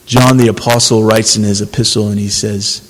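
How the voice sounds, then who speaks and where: A man's voice: fairly low pitch, flat delivery, normal speed, big-room sound, low-quality recording. A man preaching a sermon, earnest and conversational, building to emphatic passages. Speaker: pastor.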